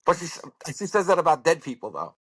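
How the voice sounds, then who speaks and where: A comedian in his fifties tells stories in casual chat with a bright, forward voice. His pitch rises and falls widely as he tells them, and he swears casually. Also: quick pace, husky. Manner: animated storyteller, swears casually. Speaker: comedian guest.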